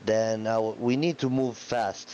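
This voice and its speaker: A man's voice: on the low side, steady tone, measured pace, muffled recording, crowd noise. A man playing a tabletop game, hesitantly planning his moves aloud with "like" and "uh". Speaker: player. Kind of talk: casual tabletop play.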